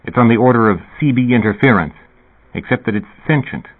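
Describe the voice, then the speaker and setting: A man voicing a weary, sour middle-aged male loner in a low, flat voice. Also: fairly quick, slightly rough. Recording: tinny phone-like radio sound.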